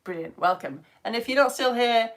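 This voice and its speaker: Gushing, lively British woman teacher. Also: a little high. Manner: chatty, gushing, quick asides and self-mocking jokes. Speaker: online science teacher. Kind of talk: live-streamed lesson, greeting viewers.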